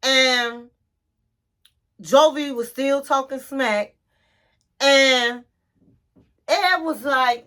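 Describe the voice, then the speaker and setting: A woman giving a gossipy, animated recap of a reality TV episode. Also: high-pitched, extremely slow, long pauses. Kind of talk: casual recap commentary.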